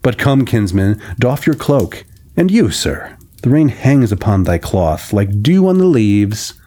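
A man's voice: on the low side, very animated, unhurried, mellow. A man voicing a hospitable forest yeoman in a read-aloud story, speaking in an old-fashioned, hearty way.

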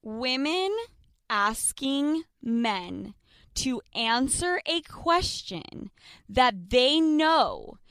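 High, lively young woman, animated and confessional. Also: drawn-out words, smooth, no echo, clean studio sound. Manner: animated, confessional, acts out dramatic quotes. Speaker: podcast co-host. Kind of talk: casual chat.

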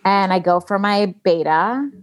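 A woman's voice: mid-range voice, unhurried. A woman in her late thirties telling a candid personal story as a guest, animatedly acting out what others said and swearing casually. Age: late 30s. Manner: animated, acts out quoted dialogue, swears casually.

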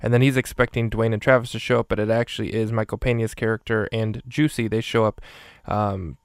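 A man's voice: on the low side, level tone, a little fast, clean tone, dry recording, clean studio sound. A man casually recapping a movie minute by minute and rating each one, in a rambling way with many fillers. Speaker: movie reviewer.

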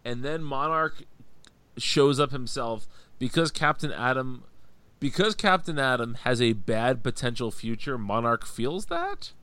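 A man co-hosting a casual comic book podcast, his voice sitting at an ordinary middle pitch. He recaps the story wryly, slipping into brief put-on voices for the characters and leaning on dry humor. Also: animated, unhurried, fairly bright tone, clean tone, no room sound. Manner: wry, recaps plots by acting out characters' lines. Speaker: podcast co-host.

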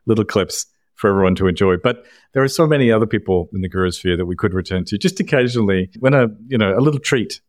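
Jokey podcast co-host, lower voice, dry close mic. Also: male voice, fast talker, hardly any pauses, dry recording. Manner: jokey, laughs often, banters. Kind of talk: casual chat.

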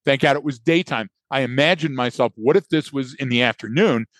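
A man's voice: medium pitch, brisk, a bit bright, no echo. A man co-hosting a podcast, telling a story with energy and acting out his own thoughts. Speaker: podcast co-host. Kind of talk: casual conversational storytelling.

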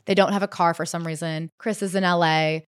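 A woman co-hosting a casual podcast, retelling a memoir with animated storytelling and reading quoted passages aloud. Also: lowish voice, brisk, clean tone, no echo, clean studio sound. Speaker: podcast co-host.

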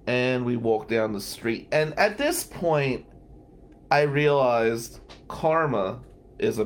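A man, a lawyer hosting a radio talk show, telling a story in a loose, joking way, often laughing and swearing. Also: mid-range voice. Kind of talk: storytelling monologue.

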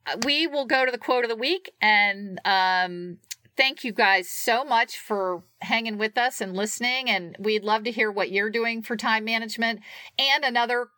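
A woman's voice: a little high, normal speed, pushed and bright, no echo. A woman co-hosting a podcast in casual chat, chatty and often laughing. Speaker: podcast co-host.

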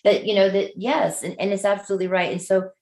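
A woman's voice: medium pitch, level tone, fast, a little mellow. A middle-aged woman chatting candidly, telling a story animatedly and acting out the voices of the people in it. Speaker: guest. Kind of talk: candid casual chat.

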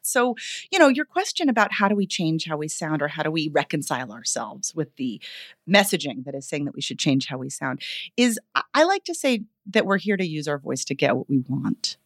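A woman vocal coach being interviewed on a podcast, talking in an animated, expressive way. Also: fairly quick, no room sound, studio quality. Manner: animated, expressive, wide pitch swings.

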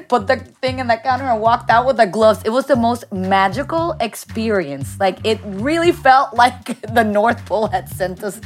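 A woman hosting a casual talk show, a mother of three telling a story in an animated, chatty way. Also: medium pitch. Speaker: host.

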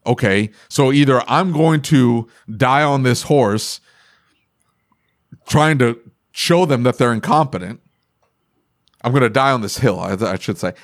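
A man co-hosting a casual podcast talks about running his repair shop. His voice sits in an ordinary middle pitch, and he leans hard on his points, repeating them and breaking into laughs as he goes. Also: animated, unhurried, pauses often. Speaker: podcast host and auto repair shop owner.

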